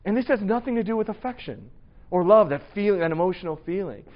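A man's voice: sits high, animated, quick pace, highs cut off. A man preaching in a church, casual and self-deprecating, talking to his congregation. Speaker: pastor. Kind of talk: sermon. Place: church hall.

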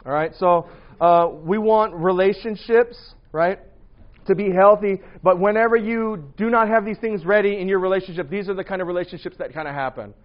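Brief: male preacher, 30s, slightly high voice, loud and animated, casual sermon on a muffled lo-fi recording. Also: moderate pace. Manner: loud, animated, joking asides. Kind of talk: casual sermon to young adults. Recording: dull lo-fi recording.

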